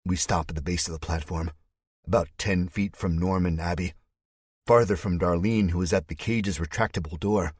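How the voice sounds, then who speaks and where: A man narrating an audiobook in the first person, telling it in a tense, measured way. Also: low voice, fairly even intonation, darkish tone, slightly rough, no echo, studio quality.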